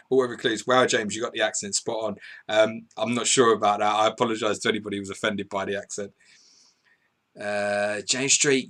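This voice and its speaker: Man, bright voice, live fantasy football host, excitable, reads chat messages. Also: on the low side, normal speed. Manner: excitable, swearing, laughing, reading out chat messages. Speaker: podcast host.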